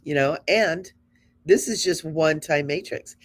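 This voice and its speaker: A woman in her fifties hosts a spiritual show, speaking to her audience in a low, unhurried voice. Her manner is earnest, encouraging, and conversational.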